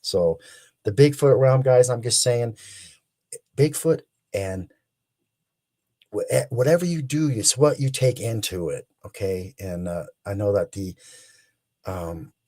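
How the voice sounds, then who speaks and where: Husky older man telling tales. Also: on the low side, takes it slowly, long pauses. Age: 60s. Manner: excited, rambling with restarts. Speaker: guest. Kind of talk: animated storytelling.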